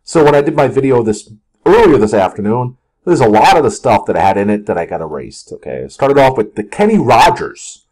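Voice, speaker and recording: A man's voice: medium pitch, big pitch swings, a little fast, darkish tone. A man hosting a casual stock market video, talking over charts in a rambling, jokey way. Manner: rambling, jokey, slips into mock outbursts and sung lyrics.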